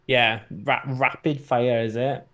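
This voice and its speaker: A man's voice: medium pitch, takes it slowly. Rambling man co-hosting. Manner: rambling, animated storytelling with swearing. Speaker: co-host. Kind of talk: casual chat.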